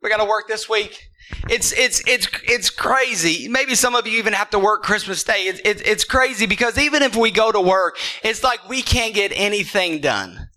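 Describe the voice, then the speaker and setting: A pastor preaching a sermon to his church. He speaks emphatically, rising to shouts and then dropping low, and often repeats words as he starts a thought. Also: expressive, moderate pace, poor audio. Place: church service with congregation.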